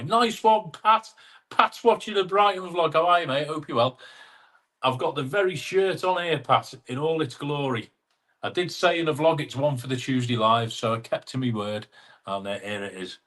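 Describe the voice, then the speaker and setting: A man's voice: on the high side, moderate pace, fairly bright tone. Chatty English man hosting a live chat. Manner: chatty, matey, reads out viewer comments. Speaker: live stream host. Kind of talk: casual live chat reading comments.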